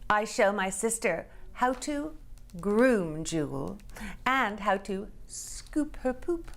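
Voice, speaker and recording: A woman reading a children's picture book aloud in an expressive storytelling voice, dropping into whispers and rising to excited cries. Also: mid-range voice, takes it slowly, vocal fry. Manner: animated, dips into whispers and rises to excited cries. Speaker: storybook reader.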